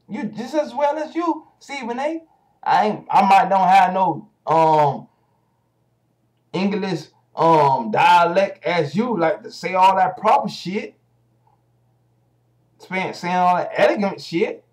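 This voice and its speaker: A man's voice: a little high, darkish tone. A man giving casual ranting commentary as a vlogger, heated and profane, speaking straight at the hosts he criticizes.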